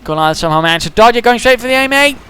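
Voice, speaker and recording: A man giving chatty play-by-play commentary on a strategy game match, getting excited at the big moments. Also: very high-pitched, rapid-fire, slight background noise.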